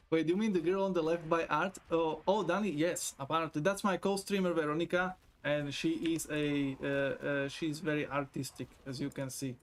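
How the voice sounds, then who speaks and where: A man's voice: on the high side, fairly even intonation, moderate pace. A man streaming live, chatting casually, reading viewers' messages aloud, rambling and swearing with frequent laughter. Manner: rambling, profane, laughs often, reads chat aloud.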